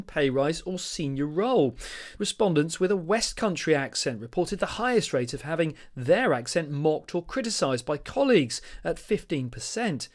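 Steady male reporter voice-over. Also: on the high side. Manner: steady, even narration. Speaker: news reporter.

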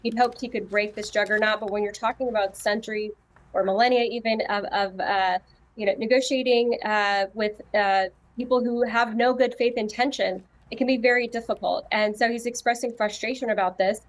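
A woman political commentator on a news panel speaks in a halting way, full of fillers and restarts. Her voice sits fairly high. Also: steady tone.

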